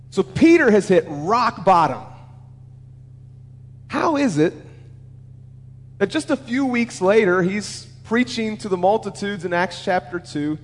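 A man preaching a sermon as a pastor, talking earnestly and conversationally and putting questions to the listeners. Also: high-pitched. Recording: long reverb of a large hall.

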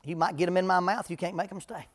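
A middle-aged man with a drawl and a voice pitched a bit high speaks as a preacher to a live audience. He tells homespun stories and slips in dry, deadpan jokes. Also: quick pace. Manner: humorous storytelling, deadpan jokes. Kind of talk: folksy talk to a live audience.

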